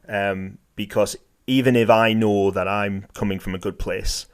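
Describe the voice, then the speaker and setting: A man co-hosting a podcast in casual discussion, talking in halting bursts with many restarts. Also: on the low side, background noise. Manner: game master who likes to do voices. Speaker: podcast co-host.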